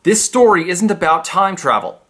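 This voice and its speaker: Lively, sarcastic man reviewing a film. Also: sits high, moderate pace. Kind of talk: comedic review narration.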